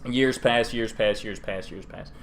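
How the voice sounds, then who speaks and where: A man's voice: fairly low pitch, measured pace, vocal fry, a little hiss or hum. A man hosting a podcast, casually retelling fantasy lore in a rambling, irreverent way full of fillers. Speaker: podcast host.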